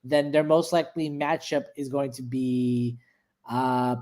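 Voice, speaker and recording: A man's voice: mid-range voice, steady tone, unhurried, darkish tone. A man co-hosting a casual sports podcast, laughing easily and walking through playoff scenarios. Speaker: podcast co-host.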